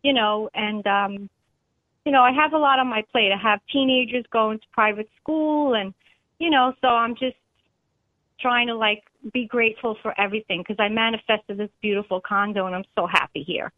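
A woman's voice: fairly high pitch, moderate pace, dry recording. A middle-aged woman with a New York accent, calling in to a show and chatting upbeat, laughing often, over a tinny phone line. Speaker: caller. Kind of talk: phone-in chat.

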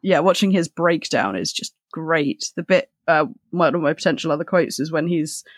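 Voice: mid-range voice, normal speed, no room sound. A podcast co-host chatting enthusiastically about a book, swearing casually. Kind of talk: casual chat.

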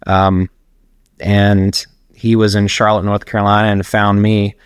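A man's voice: fairly low pitch, monotone, a little slow, clean tone, no room sound, studio quality. A middle-aged man, a personal trainer, telling long rambling stories as a guest in a casual interview. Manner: rambling, anecdotal, laughs while telling stories.

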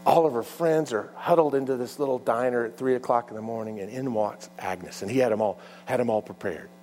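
A male preacher telling a story in a sermon, with halting starts and repeated words, often dropping low and quiet.

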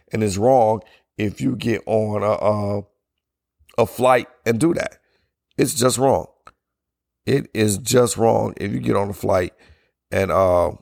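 Middle-aged male podcast host, low hoarse voice, blunt casual opinions, close dry mic. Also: dry recording. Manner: blunt, opinionated, loose and conversational; yawning between sentences. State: hoarse, strained voice from yelling. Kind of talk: casual solo podcast monologue.

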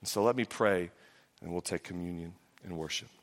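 Impassioned pastor preaching in an echoey hall. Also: male voice, low voice, fairly quick, a little hiss or hum. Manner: impassioned, swings between loud emphatic peaks and soft hushed drops. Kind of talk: sermon.

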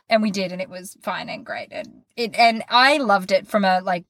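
Animated woman telling a family story. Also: medium pitch, normal speed. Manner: animated storytelling, acting out quoted dialogue. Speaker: podcast co-host. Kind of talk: casual chat.

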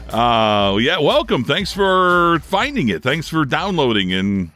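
A man's voice: fairly high pitch, very animated, drawn-out words, long pauses, pushed and bright, faint music behind. A middle-aged man from Northeast Ohio, a former radio DJ, hosting his own podcast in a chatty, self-deprecating way. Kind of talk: casual solo podcast monologue.

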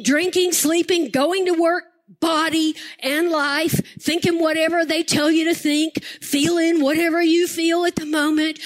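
An older woman pastor preaching a sermon with impassioned, emphatic repetition. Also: high-pitched.

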